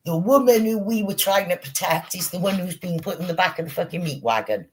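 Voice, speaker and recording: A man hosting a livestream, telling stories in a casual, animated way with plenty of swearing. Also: high-pitched, a little fast, a little hiss or hum. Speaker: streamer host.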